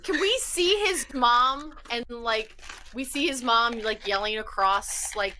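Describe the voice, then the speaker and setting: Woman player, eager casual chat, high and bright. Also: a little hiss or hum. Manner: eager, quick, lots of "like". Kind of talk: casual chat at a game table.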